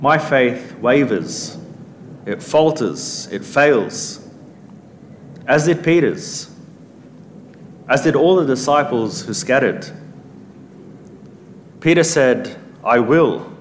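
A man's voice: medium pitch, animated, takes it slowly, long pauses, slight background noise. A man preaching a sermon in an earnest, emphatic way, lifting his voice when he quotes scripture.

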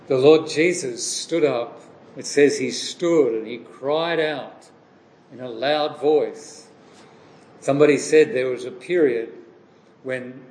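A man preaching a sermon in a slow, measured way, often repeating and restarting phrases. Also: mid-range voice, a little mellow. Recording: echoey room with faint background noise.

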